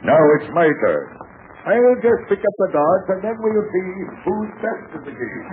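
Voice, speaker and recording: A blustering, taunting sea captain. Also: male voice, sits high, big pitch swings, moderate pace. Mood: boastful. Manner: blustering, chuckling, folksy boasting. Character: dangerous fiery-haired male sea captain, taunting. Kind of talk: 1940s radio acting. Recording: tinny old radio broadcast with faint hiss.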